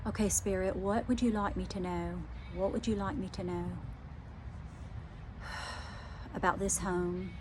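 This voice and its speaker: A woman's voice: mid-range voice, steady tone, a little slow, pauses often. Woman medium with a mid-range voice giving a hesitant, emotional channelling reading over faint noise. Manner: hesitant, repeats phrases, many fillers. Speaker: psychic medium. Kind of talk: live psychic channelling reading.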